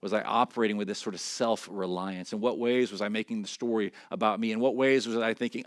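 A man preaching a sermon as pastor, earnest. His voice climbs when he voices prayers and scripture, then drops soft and low on reflective points. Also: steady tone, fast, few pauses, no echo, studio quality. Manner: earnest, rises in pitch and volume when quoting scripture and prayers.

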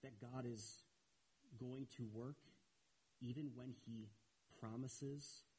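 A man preaching a sermon in an earnest way, repeating phrases for emphasis and rising in pitch as he gets animated. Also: takes it slowly, slightly rough, low-quality recording.

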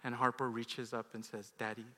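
A pastor in his thirties tells a personal story from the pulpit, his fairly high, bright voice ringing out across a large hall with a long trailing echo. He swings between loud bursts and quiet, confessional moments. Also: lively intonation, unhurried. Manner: confessional storytelling that swings from loud outbursts to hushed, low lines. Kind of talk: sermon storytelling.

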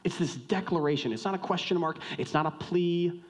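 A man preaching a sermon in a conversational, joking way, swinging from loud outbursts to hushed lines and questioning the congregation directly. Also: fairly high pitch, brisk. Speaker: pastor.

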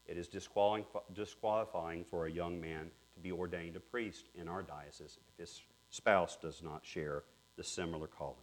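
A man preaching a sermon earnestly, dropping to hushed tones and rising to emphatic peaks. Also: low voice, fairly even intonation, moderate pace. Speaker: pastor.

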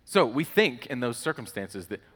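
A man preaching a casual, conversational sermon, relaxed and chatty with storytelling asides. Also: mid-range voice, normal speed. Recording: long hall reverb.

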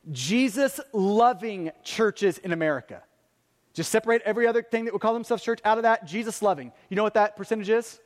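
A man's voice: high-pitched, in a large hall. A male pastor in his thirties preaching a sermon earnestly, asking rhetorical questions and repeating key phrases for emphasis. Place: church sanctuary.

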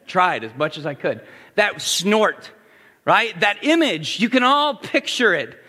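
High-voiced preacher in an echoing hall. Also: male voice, very animated, unhurried. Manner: builds to forceful, near-shouting emphasis. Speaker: pastor. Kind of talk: sermon.

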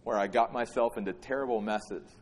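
A man preaching a sermon as pastor, swinging from hushed asides to emphatic, repeated phrases. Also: medium pitch, steady tone, a little fast. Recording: long hall reverb.

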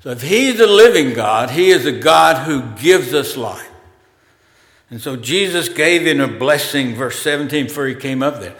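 A man preaching a sermon as pastor, in a slow, conversational way with pauses and fillers, in a church sanctuary. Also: mid-range voice, lively intonation, fairly bright tone. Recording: roomy hall reverb.

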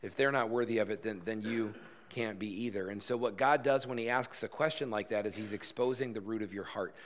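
A pastor preaches to his church, earnest and insistent, circling back to the same phrases. He has a somewhat low voice, and he turns louder and livelier when he jokes with the congregation. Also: fairly quick. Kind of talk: sermon.

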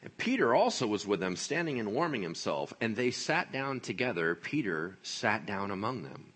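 Male pastor, husky and bright-toned, animated sermon delivery with playful asides. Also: on the low side, normal speed, few pauses. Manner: animated, joking, acts out voices.

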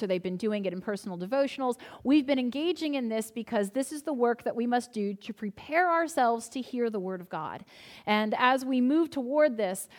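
Woman pastor, slightly high voice; chatty storytelling sermon that turns earnest. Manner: conversational storytelling, then earnest reassurance.

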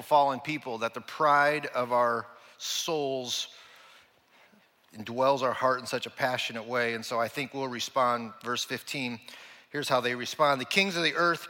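A man's voice: mid-range voice, sharp tone, long reverb tail. A man preaching a sermon from the pulpit, reading scripture and pressing the congregation with emphatic rhetorical questions. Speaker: pastor.

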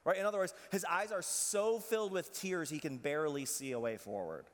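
Earnest preaching man in echoing hall. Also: a little high. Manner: earnest preaching, drops soft and slow on painful lines. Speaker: pastor. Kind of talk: sermon.

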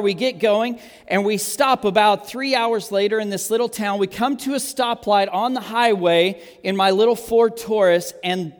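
A man preaching, telling a long personal story in an animated, self-amused way, with frequent restarts. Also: high voice. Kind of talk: sermon storytelling. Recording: long hall reverb.

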